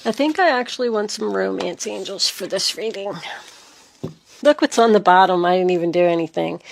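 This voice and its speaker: A woman's voice: medium pitch, normal speed, vocal fry. A woman giving a tarot reading, talking straight to the listener with emphatic, earnest delivery. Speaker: tarot reader.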